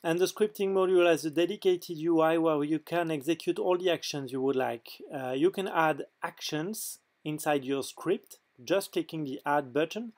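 A man with a French accent, French his first language, narrating a software demo in a hesitant way with frequent filler pauses. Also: fairly high pitch. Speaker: game mod developer.

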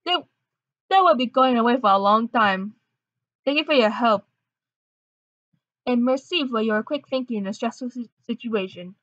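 A woman voicing a formal male French police inspector with a halting fake accent, on a dull lo-fi recording. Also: on the high side, animated, fairly bright tone, no echo.

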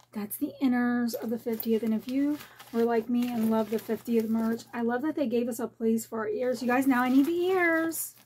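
A middle-aged woman chatting excitedly at home as she unboxes a collectible bag, gasping and gushing. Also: a little high, a little hiss or hum. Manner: gushing, gasping, repeats "oh my" exclamations. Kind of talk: excited unboxing vlog chat. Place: home, dogs barking nearby.

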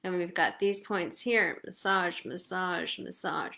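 A woman leading a live guided face massage session, giving slow, soothing step-by-step cues. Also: fairly low pitch, vocal fry, pushed and bright. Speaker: self-care instructor.

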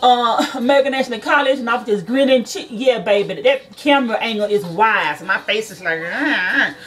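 A woman's voice: a little high, a little fast, a bit bright, far from the mic. A woman who is a nail school student chats casually to her viewers from her car, swearing freely and calling them y'all.

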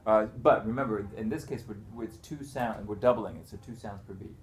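In a noisy room, a man with a lowish voice teaches rhythm in a one-on-one music lesson, speaking fairly quickly. He patiently explains each step, counting beats and chanting rhythm syllables aloud.

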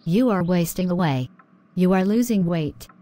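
A woman voicing a caring mother in an animated drama, protective and indignant. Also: on the low side, moderate pace, background noise, natural voice. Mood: concerned.

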